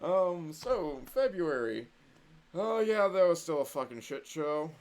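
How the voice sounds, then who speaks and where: A man's voice: fairly high pitch, sing-song, slow pace. Sardonic swearing man rambling on. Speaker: vlogger. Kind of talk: casual rambling monologue.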